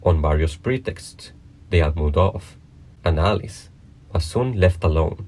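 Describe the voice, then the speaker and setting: A man narrating a children's classic aloud in a measured, plain reading voice. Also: low voice, lively intonation, darkish tone.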